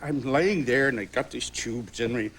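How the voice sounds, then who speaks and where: A man in his sixties, an actor guest telling animated stories with chuckles on a talk show. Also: mid-range voice, normal speed, a little hiss or hum.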